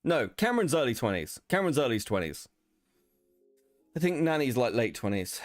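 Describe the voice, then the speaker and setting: A man's voice: mid-range voice, big pitch swings, normal speed, no echo, soft background music. Profane man reacting on a livestream. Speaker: streamer host. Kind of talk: livestream commentary reading messages aloud.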